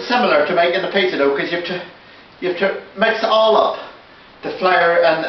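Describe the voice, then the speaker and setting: A man hosting a comic DIY video, rambling in a deadpan, mock-serious way. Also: high voice. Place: indoors at a fireplace under repair. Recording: echoey, distant, muffled, noisy.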